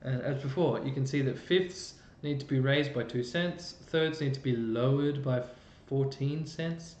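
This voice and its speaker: Working at a computer, a male choral music teacher walks through an online lesson step by step, thinking out loud. He has a medium, slightly mellow voice, and the audio is roomy, muffled, lo-fi, with a little noise.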